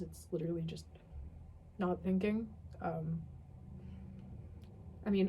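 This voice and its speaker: A woman's voice: medium pitch, warm tone. A young woman reading a strange ritual text aloud and commenting on it. Tired, sardonic and swearing often. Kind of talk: dramatic reading with casual commentary.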